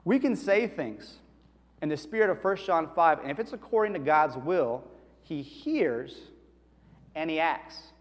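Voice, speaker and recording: A man preaching a conversational sermon in a church, animated and asking the congregation questions. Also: on the high side, unhurried. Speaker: pastor. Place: church hall. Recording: reverberant church hall.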